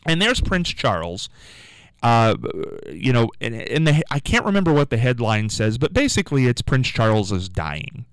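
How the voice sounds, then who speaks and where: A man hosting a radio show, telling a rambling story with animated asides in a casual on-air monologue. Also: medium pitch, normal speed, clear, resonant tone, no room sound, low-quality recording.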